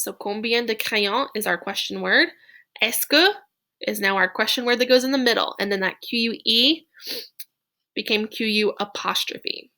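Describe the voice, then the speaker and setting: A woman with a fairly high, bright and sharp voice leads a recorded French lesson. She slows down to dictate French phrases, then explains them in playful, chatty English. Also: vocal fry. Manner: chatty, playful teacher talk. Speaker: French teacher.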